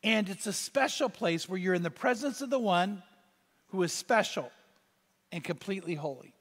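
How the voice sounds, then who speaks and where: A man preaching a sermon as pastor, telling stories with animated, rising exclamations. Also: high voice, moderate pace, breathy edge. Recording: reverberant hall sound.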